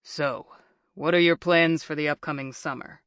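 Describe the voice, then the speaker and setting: A woman voicing a veteran male journalist who speaks in a gravelly voice with a grave, somber tone. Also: a little high, steady tone, normal speed, fairly bright tone, no room sound, clean studio sound.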